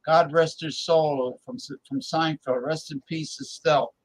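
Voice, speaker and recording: This talk-show host is a man from New Jersey, USA, who rambles casually and stalls on plenty of hesitant fillers while searching for words. His voice is slightly high with fairly even intonation and an unhurried pace, and the poor-quality audio carries some background noise.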